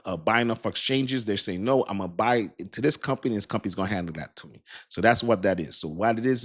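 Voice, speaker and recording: A man in his fifties hosting a crypto channel, explaining to viewers in a casual, repetitive way and often checking that they understand. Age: 50s. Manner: mimics doubters in a higher voice.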